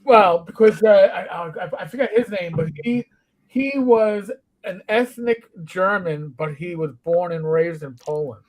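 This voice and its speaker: Former cop telling lively anecdotes. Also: male voice, sits high, measured pace. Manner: anecdotal, animated storyteller. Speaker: former police officer, chat guest. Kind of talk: casual chat.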